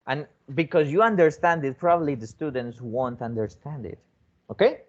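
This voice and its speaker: A man's voice: on the high side, normal speed, highs cut off. Man teaching with frequent "okay?" checks. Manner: repeats words, many restarts, frequent rising "okay?" checks. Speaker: foreign teacher training teachers. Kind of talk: teaching demonstration talk.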